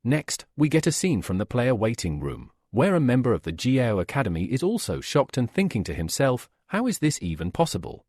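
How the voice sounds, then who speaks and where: A man narrating a comic recap in steady scripted storytelling. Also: medium pitch, a little fast, hardly any pauses, dry recording, studio quality. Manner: steady storytelling, reads all quotes.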